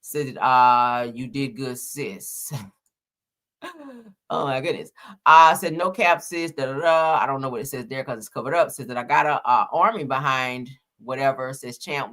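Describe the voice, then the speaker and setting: A woman commentating on celebrity gossip, reading out text messages haltingly with many fillers and casual slang asides. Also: rumbling low, a bit bright.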